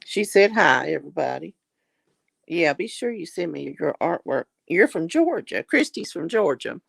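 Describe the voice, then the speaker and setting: A middle-aged woman hosts a homey livestream, reading comments and answering with "honey" and "darling." Her voice sits low and gravelly but swings widely in pitch. It is recorded dry and close, with no room around it. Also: sing-song, moderate pace, no echo. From Southern US. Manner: warm, affectionate, calls viewers honey and darling. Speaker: livestream host. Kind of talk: casual chat reading viewer comments.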